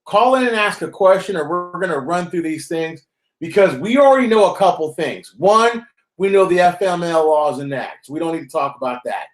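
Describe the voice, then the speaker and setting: A man runs a live call-in currency stream, animated and moderately paced, his somewhat high voice echoing around a roomy space. He's loose and joking, drifting from reading news items to bantering with callers.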